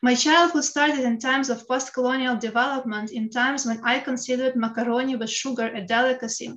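A woman's voice: fairly high pitch, fairly bright tone, dull audio. A woman with a Ukrainian accent reads her own personal essay aloud in a frank, wry way, swearing bluntly. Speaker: writer reading her own piece.

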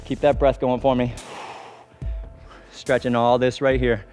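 A man coaching a follow-along workout, energetic, pushing and cheering the viewers on. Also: mid-range voice, a little slow, soft background music. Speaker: fitness instructor.

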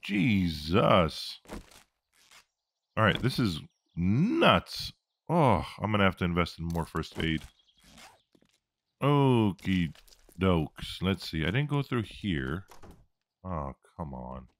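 A man's voice: deep voice, big pitch swings, takes it slowly, pauses often. A man commentating his own gameplay, reacting, joking and swearing as he fights. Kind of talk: let's-play commentary.

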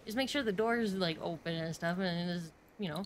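A young woman streamer commenting on a horror game, excitable and swearing, laughing and yelping when scared. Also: on the low side, normal speed, slight background noise. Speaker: gaming streamer. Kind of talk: let's-play commentary.

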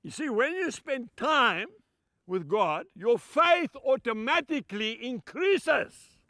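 An older man preaching a sermon, emphatic, swinging from shouts down to soft, low asides and calling his listeners "folks". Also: lively intonation, slow pace, no room sound, clean studio sound.

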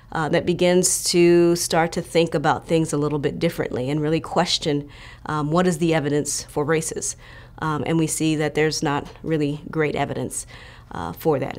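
Low-voiced woman, thoughtful and measured. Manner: thoughtful, many fillers. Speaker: interviewed expert. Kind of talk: documentary interview.

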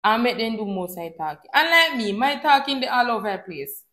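A woman's voice: a little high, a little fast, echoey room. Jamaican woman telling a story in patois. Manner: animated, mixes patois and English. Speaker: vlogger. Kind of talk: casual storytime chat.

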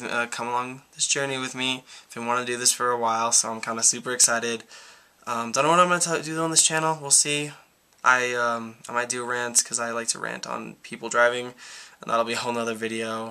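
Bright, flat-toned young man telling his story. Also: mid-range voice. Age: about 19. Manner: rambling, with many "like"s and restarts. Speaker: YouTuber. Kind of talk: casual personal story vlog.

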